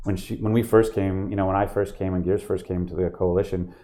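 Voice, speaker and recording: Fast-talking middle-aged man, dark voice. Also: sits low, a little hiss or hum. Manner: animated storyteller who acts out fans' reactions. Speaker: game studio head, guest. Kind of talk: casual interview conversation.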